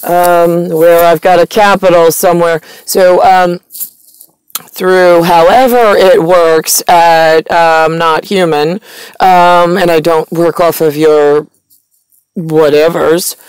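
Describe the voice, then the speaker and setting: A woman's voice: lowish voice, fairly even intonation, takes it slowly, a little mellow, smooth, no room sound, low-quality recording. A woman talking to her viewers in a meandering, stream-of-consciousness monologue full of ums and restarts. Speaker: vlogger. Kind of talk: rambling monologue to camera.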